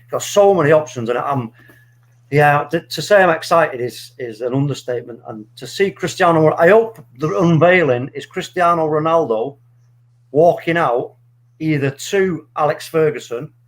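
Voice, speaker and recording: A middle-aged man telling a story in casual chat, animated and swearing freely. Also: on the high side, normal speed. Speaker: podcast co-host.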